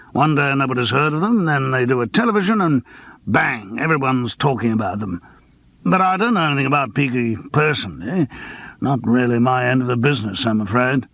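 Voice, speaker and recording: A man's voice: medium pitch, gravelly, no echo. A man voicing a worldly, wry lawyer who is an old friend of the hero, in an audiobook. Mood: matter-of-fact. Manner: wry, teasing, lively. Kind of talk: audiobook character voice.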